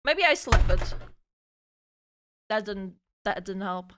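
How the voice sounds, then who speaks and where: A woman's voice: mid-range voice, lively intonation, slow, over music. A woman live streamer chatting casually, flustered and swearing as she troubleshoots her setup.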